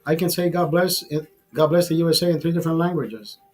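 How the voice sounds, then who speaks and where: A man talks casually on his livestream with a slightly raised, husky voice. He rambles, repeats phrases and swears freely. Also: a little high, quick pace, soft background music. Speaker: livestream host.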